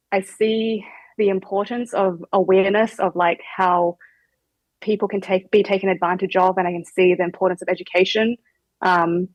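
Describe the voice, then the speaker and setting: A woman's voice: on the low side, no echo, poor audio. A woman with a New Zealand accent, a guest chatting casually with lots of fillers. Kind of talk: casual chat.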